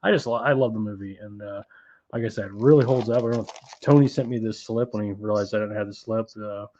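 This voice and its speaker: A man's voice: lowish voice, steady tone, fast talker, dark tone, a little hiss or hum. A man hosting a casual film chat. He rambles with lots of fillers and laughs as he goes. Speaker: film club podcast host. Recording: dull lo-fi sound.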